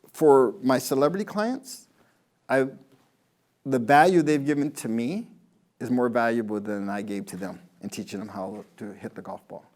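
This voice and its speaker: A man's voice: mid-range voice, a little mellow. A man giving a motivational talk to an audience, telling jokey stories in a chatty way with many restarts. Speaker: motivational speaker.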